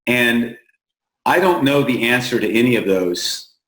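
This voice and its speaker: A man from the United States, an interview guest, telling stories plainly and earnestly with halting restarts, slowing down to stress points. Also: medium pitch, animated, fairly bright tone. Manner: plain-spoken, halting restarts, slows for emphasis. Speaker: founder of an aid group, interview guest. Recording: roomy echo.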